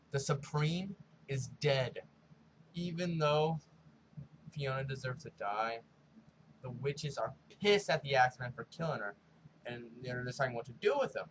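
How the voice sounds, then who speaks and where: A man hosting his own review show, recapping an episode casually and excitedly, peppering his talk with "like" and spoiler warnings. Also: mid-range voice, a little hiss or hum, poor audio. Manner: animated storytelling full of "like" and spoiler warnings. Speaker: show host.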